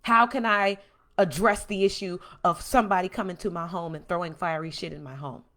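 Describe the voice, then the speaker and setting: A woman hosting a podcast, giving a blunt, emphatic, preachy monologue that swings from calm to loud. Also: on the low side, brisk. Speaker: podcast host. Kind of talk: impassioned monologue.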